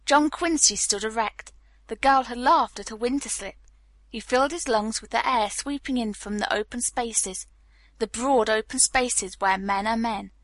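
A woman narrating a novel as an audiobook reader, telling the story in a calm, even manner. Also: fairly high pitch, normal speed, dry recording. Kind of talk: scripted narration.

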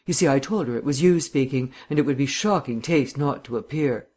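A man voicing a suave, bantering gentleman sleuth with bland, mannered phrasing in an audiobook reading. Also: medium pitch, a little fast, slightly rough, lightly acted.

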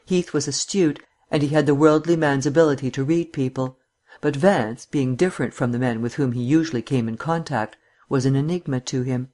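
A man narrating a detective novel in a measured, even reading voice, lightly voicing the characters. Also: mid-range voice. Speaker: audiobook narrator.

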